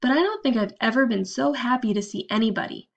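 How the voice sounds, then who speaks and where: A woman's voice: a little high, lively intonation, quick pace, vocal fry, muffled recording. A woman reading a storybook, voicing an exasperated, sarcastic sixth-grade boy. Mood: relieved. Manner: grumbling, exasperated.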